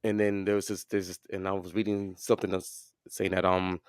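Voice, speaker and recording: This deep-voiced man speaks briskly and smoothly with little pitch movement. He's a podcast co-host in a casual sports chat, rambling and restarting with lots of fillers. The sound is studio quality with no room sound.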